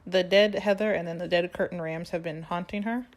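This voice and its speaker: A woman's voice: lowish voice, a little fast. Chatty young woman retelling a story. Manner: animated storytelling, acts out quoted lines. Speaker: podcast co-host. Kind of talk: casual chat recapping a musical.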